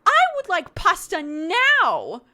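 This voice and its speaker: A woman voicing a whiny, demanding toddler girl, loud and indignant. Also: extremely high pitch, wildly swooping pitch, takes it slowly, voice pushed up, exaggerated voice.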